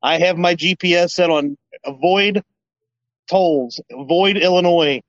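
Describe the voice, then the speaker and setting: A male podcast guest jokes and teases his way through relaxed banter. His voice is slightly high for a man, and it comes through dull, lo-fi remote audio with a dry sound. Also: measured pace, no echo. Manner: joking, teasing banter. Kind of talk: casual chat.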